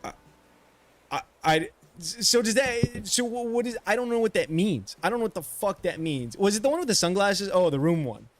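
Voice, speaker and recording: A man's voice: sits high, expressive, moderate pace, slight background noise. A man streaming a game, venting in a rambling, frustrated way with many restarts and frequent swearing. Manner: swears freely. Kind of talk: casual chat while streaming.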